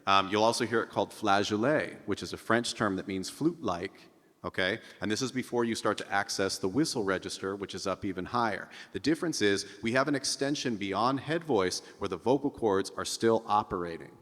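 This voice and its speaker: A man teaching a singing lesson, explaining techniques between high vocal demonstrations and checking in with his students. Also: brisk, fairly bright tone, in a large hall. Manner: sings high falsetto vowel drills between explanations; encouraging, checks in with "okay?". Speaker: vocal coach.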